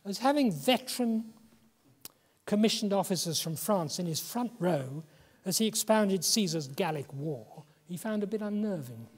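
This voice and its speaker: A man in his seventies from England giving a reflective public lecture, measured and slowing for emphasis. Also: high voice, animated. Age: 70s. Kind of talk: public lecture and poetry reading. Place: lecture hall. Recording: long hall reverb.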